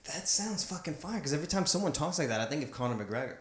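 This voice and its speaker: A man's voice: fairly high pitch, lively intonation, fast. A man from New Jersey co-hosting a podcast, chatting loosely with jokes and plenty of fillers. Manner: loose, joking, full of fillers. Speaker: podcast co-host. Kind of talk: casual chat. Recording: echoey room with faint noise.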